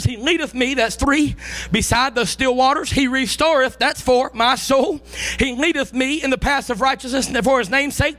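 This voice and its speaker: Preacher, male, high bright voice, fervent sermon delivery, soft music underneath. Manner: impassioned, rises to shouting and crying out.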